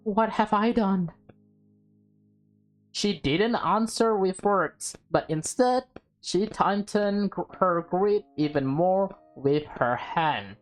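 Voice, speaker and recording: A woman's voice: fairly low pitch, lively intonation, slow pace, faint music behind. A young woman streaming a visual novel, reading it aloud and reacting emotionally with laughs. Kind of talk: casual let's-play reading and reactions.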